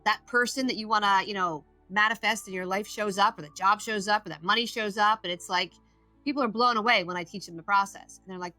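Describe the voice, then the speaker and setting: A woman's voice: mid-range voice, fairly even intonation, fast talker, bright, forceful tone, no room sound, soft background music. A middle-aged woman, a recovery coach, speaking as a podcast guest, telling stories emphatically and acting out the voices of people she quotes. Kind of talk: podcast interview storytelling.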